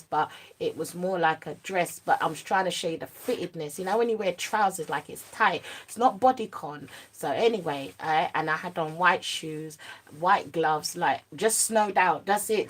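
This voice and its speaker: A young woman tells a true story straight to camera, her voice sitting fairly low. She talks in animated street slang, drops to a murmur at the serious moments and gets lively when she acts things out. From United Kingdom. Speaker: vlogger. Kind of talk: storytime monologue.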